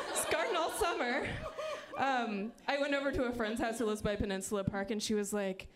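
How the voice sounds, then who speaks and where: A woman performing a stand-up set in a chatty, self-mocking way full of "like" and quick asides. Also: a little high, a loud crowd. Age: 30s. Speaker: stand-up comedian. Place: comedy club stage.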